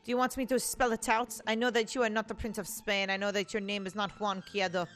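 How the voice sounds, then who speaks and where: A woman's voice: medium pitch, level tone, fast, a bit bright, natural voice. Woman playing a brusque male bird lawyer. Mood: pressing. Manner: brusque, commanding, legalistic. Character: blunt sharp male bird defense lawyer.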